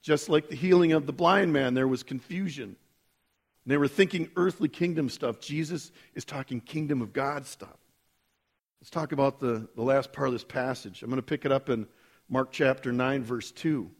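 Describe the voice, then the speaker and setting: A man preaching a sermon in a lively, conversational way, often checking in with listeners. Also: mid-range voice, moderate pace. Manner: animated, conversational, asks the listeners "right?". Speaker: pastor.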